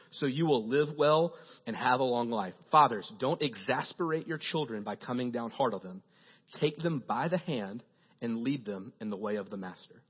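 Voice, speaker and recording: A man preaching a casual, joking sermon as a youth pastor, telling animated stories to his congregation. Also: mid-range voice, slightly rough, muffled recording.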